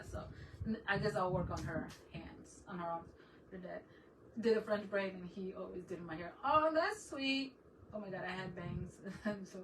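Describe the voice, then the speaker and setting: A woman's voice: medium pitch, sharp tone, distant mic, slight background noise, low-quality recording. Chatty woman crafting on a live stream. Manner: chatty, laughs often, greets viewers. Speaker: craft livestream host. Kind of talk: casual live-stream chat while crafting.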